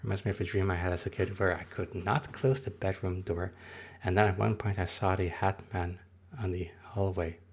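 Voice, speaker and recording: A man's voice: low voice, fairly even intonation, normal speed, breathy edge. A man in his thirties, not a native English speaker, chatting in a rambling, casual way on a livestream and answering his chat.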